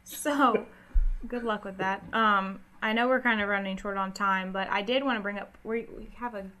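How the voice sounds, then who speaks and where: A woman talks in a casual, opinionated style and leans hard on her points. Her voice sits at a middling pitch for a woman, and she runs the talk as a co-host. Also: fairly even intonation, moderate pace, bright, forceful tone, a little hiss or hum. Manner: opinionated, emphatic. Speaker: podcast co-host. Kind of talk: casual political chat.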